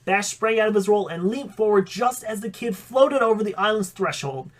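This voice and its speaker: A man's voice: high voice, lively intonation, moderate pace. A man reading a fan story aloud, with occasional slips that he corrects. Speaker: audiobook reader.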